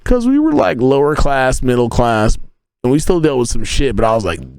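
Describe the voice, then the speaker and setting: A man's voice: medium pitch, big pitch swings, moderate pace, clear, resonant tone, no room sound. Young male streamer, crude rambling humor, dry sound. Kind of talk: casual live-stream chat and storytelling. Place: inside a tent.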